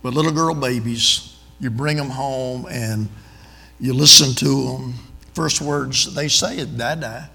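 An older man with a drawl preaches a sermon in a church, telling folksy, homespun stories with frequent asides to the congregation. His gravelly voice sits at an ordinary male pitch, a little slow, bright and forceful. The big sanctuary gives it a long, ringing tail.

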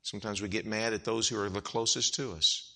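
A man preaching an evangelical sermon, swinging from hushed, slow lines to loud, emphatic outbursts. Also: fairly low pitch, steady tone.

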